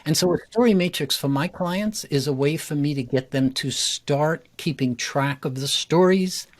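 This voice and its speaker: A man who coaches public speaking talks in a podcast interview, animated and eager, jumping up in pitch to stress his points. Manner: animated, enthusiastic, jumps up in pitch for emphasis. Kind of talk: casual interview chat.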